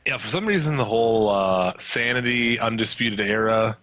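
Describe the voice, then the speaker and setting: Bright-voiced man recapping wrestling. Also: lowish voice, normal speed, no room sound, highs cut off. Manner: loose, profane, laughing recaps. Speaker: podcast co-host. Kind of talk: casual wrestling chat.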